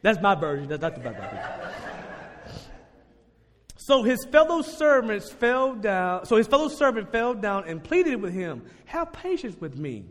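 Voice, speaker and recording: A man preaching a sermon in a lively, conversational way to his congregation. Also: high-pitched, moderate pace, long pauses. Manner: animated, conversational, laughs and shouts at peaks. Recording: long hall reverb.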